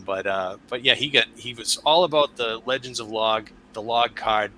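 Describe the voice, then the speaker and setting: A man hosting a podcast, chatting casually and telling a rambling, animated story as a father. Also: mid-range voice, moderate pace, slight background noise, low-quality recording. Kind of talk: casual conversation.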